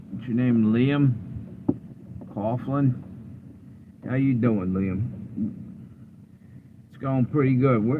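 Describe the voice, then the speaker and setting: A man from Delaware chatting casually with viewers during a live stream from his parked car, low-key and tired. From Delaware, USA. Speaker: livestream host. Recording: phone-like audio with clear road and car noise.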